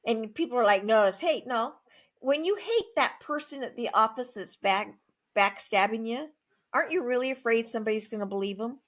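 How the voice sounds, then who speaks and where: Emphatic, higher-pitched woman guest. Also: moderate pace. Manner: emphatic, animated storytelling with plain-spoken asides. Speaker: guest author. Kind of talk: conversational interview.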